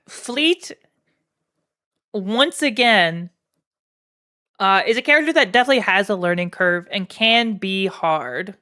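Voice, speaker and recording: A woman's voice: mid-range voice, expressive, takes it slowly, pauses often, sharp tone. A woman with a Canadian accent streaming live, giving frank, casual commentary with plenty of fillers and swearing. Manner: frank, profane, many fillers and asides to chat. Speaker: streamer ranking game characters.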